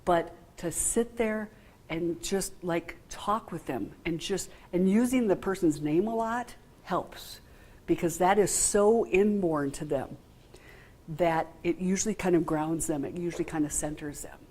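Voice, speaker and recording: A woman's voice: lowish voice, a little slow, mellow. A woman giving an informal training talk to a group, frank and conversational, often asking the room questions. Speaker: workshop trainer.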